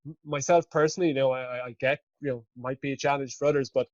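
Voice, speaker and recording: A man hosting a podcast, telling a story in an animated way and swearing freely. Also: mid-range voice, fast, dry recording, dull audio. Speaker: podcast host. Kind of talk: casual conversational storytelling.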